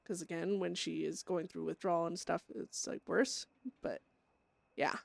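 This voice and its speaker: A woman's voice: lowish voice, steady tone, normal speed, vocal fry, no echo. A young woman streamer casually recapping a roleplay scene, rambling with lots of fillers and swearing.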